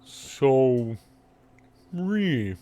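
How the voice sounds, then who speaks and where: A man putting on a slow, high-voiced gentle cow. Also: big pitch swings, slight background noise. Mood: mild. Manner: slow drawn-out high lilting voice. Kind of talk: voicing a figure in a tabletop game.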